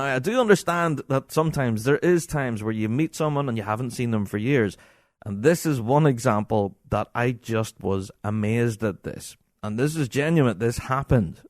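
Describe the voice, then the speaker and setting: A man with a Scottish accent hosting a podcast, telling an exasperated, animated anecdote in casual talk. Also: mid-range voice, no room sound, studio quality. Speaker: podcast host.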